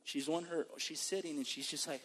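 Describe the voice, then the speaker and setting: A man preaching as a guest pastor, moving from emphatic sermon to an animated testimony story. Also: fairly high pitch, fairly quick, slightly rough. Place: church sanctuary. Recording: long reverb of a church hall.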